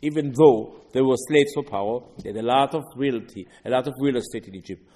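A man delivers a Torah lecture with an emphatic delivery, rising to loud stresses and falling to quiet asides, often repeating words. His voice is a touch husky, and his words trail off in a long reverb. The echo suggests a large hall. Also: medium pitch, brisk. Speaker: rabbi.

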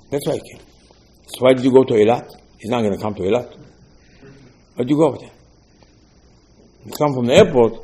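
Man, husky and mellow, delivering a Torah lecture with Hebrew terms and restarts. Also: medium pitch, rough recording. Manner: loose, repetitive phrasing with Hebrew terms. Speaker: rabbi.

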